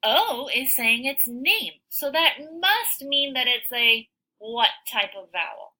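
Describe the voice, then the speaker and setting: Woman, phonics teacher, lively pitch, slow careful pace, sounds out letters. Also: poor audio. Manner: slow, sounds out words, animated encouraging teacher voice. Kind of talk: phonics lesson for young children.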